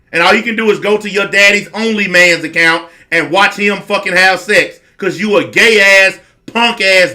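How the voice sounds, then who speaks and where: A man's voice: sits high, pushed and bright. A man delivering a blunt, profane rant straight to camera. He is aggressive and confrontational, hammering his points home by repeating them. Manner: repeats lines for emphasis. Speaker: online commentator.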